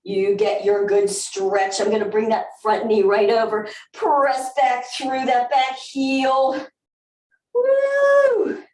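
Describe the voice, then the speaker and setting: A woman's voice: fairly high pitch, level tone, slow, darkish tone. A woman with a Southern US accent leading a barre workout, coaching upbeat with whoops and counts. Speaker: barre fitness instructor. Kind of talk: live workout instruction. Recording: roomy, from a distance.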